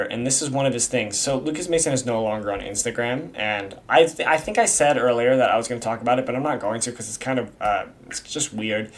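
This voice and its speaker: Young man rambling through casual commentary. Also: mid-range voice. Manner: rambling, swears often, slangy ("bro"), restarts. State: has the hiccups. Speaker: YouTube creator explaining a community iceberg.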